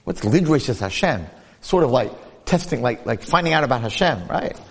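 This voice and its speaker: A man giving a lively Torah class, storytelling and asking rhetorical questions while acting out the people he quotes. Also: mid-range voice, moderate pace, gravelly, slightly rough. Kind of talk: animated Torah lecture with storytelling. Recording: long hall reverb.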